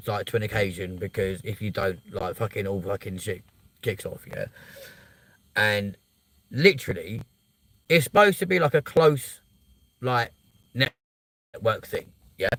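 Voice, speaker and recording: Animated, sweary man ranting. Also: on the low side, no room sound, low-quality recording. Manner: swears a lot, animated and blunt. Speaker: vlogger. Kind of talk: casual ranting monologue.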